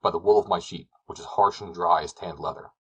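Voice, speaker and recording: A man's voice: sits low, steady tone, a little fast, breathy edge. A man voicing a blunt, plain-spoken mountain shepherd in a storybook reading, skeptical and down to earth.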